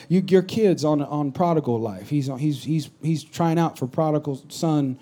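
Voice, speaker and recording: A man preaching a sermon to his congregation, dropping to near-whispers and then rising to shouts, with call-and-response asides. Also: on the high side, normal speed, hardly any pauses. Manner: swings between hushed near-whispers and loud shouts. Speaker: pastor. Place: church stage with a live congregation.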